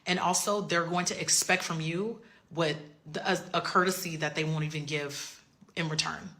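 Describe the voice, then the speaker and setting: Forceful, blunt woman speaking to camera. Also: sits low, steady tone, normal speed. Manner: blunt and emphatic, rising sharply when making a point. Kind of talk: direct-to-camera social media monologue.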